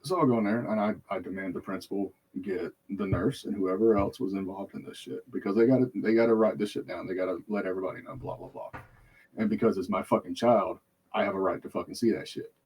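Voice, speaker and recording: A man's voice: low voice, steady tone, fast talker, darkish tone, breathy edge. A man hosting a podcast, telling a heated, profane story in casual chat, swearing constantly. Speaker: podcast host.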